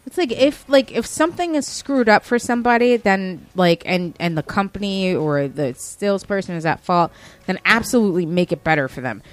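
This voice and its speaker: A woman's voice: moderate pace, dry recording. A woman in her thirties, a former store manager, telling a workplace story in casual chat and acting out the customer. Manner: animated retelling, acts out the customer in a higher voice.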